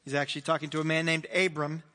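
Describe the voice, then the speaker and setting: Preacher, male: high, bright, earnest, long hall reverb. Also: flat delivery, quick pace. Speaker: pastor. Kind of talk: sermon. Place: church hall.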